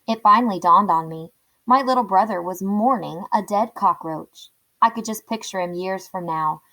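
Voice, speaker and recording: A woman reading a children's chapter book aloud in a clear, steady storytelling voice. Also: mid-range voice, normal speed, low-quality recording.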